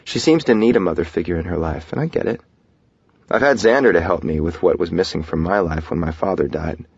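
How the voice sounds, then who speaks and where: A man narrating a first-person romance audiobook in a soft, intimate, reflective way. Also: deep voice, brisk, gravelly, husky, dry recording, lo-fi sound.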